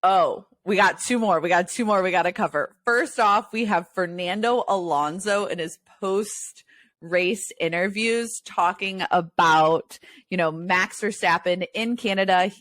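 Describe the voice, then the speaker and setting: Animated, giggly woman co-hosting a podcast. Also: fairly low pitch, unhurried. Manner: animated, laughs a lot, wheezing with laughter. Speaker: podcast co-host. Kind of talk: casual chat.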